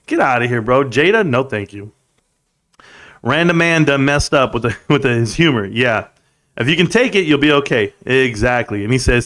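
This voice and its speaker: A man in his forties hosting a casual live stream, rambling and reading out comments, swinging between loud and soft. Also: mid-range voice, big pitch swings, normal speed.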